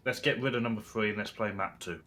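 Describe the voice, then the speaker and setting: Groggy quiet low-voiced man. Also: fast talker. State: groggy, just woken up. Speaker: match competitor. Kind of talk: casual voice chat.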